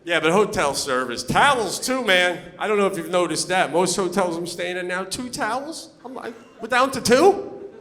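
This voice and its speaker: A male comedian working a live crowd, his voice high and bright with a lively storytelling drive. He slips in voices for the people he describes. A long hall reverb trails his lines. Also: moderate pace. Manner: animated storytelling, acting out voices of people he meets. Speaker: stand-up comedian. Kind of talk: stand-up comedy set. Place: theater stage before a live audience. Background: audience laughter.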